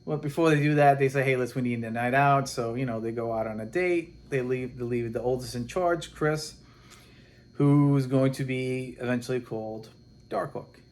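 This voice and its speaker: A man casually recapping a comic book plot, animated and rambling, acting out the characters' lines as he goes. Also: medium pitch, moderate pace. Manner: rambling and animated, with many restarts and quoted dialogue.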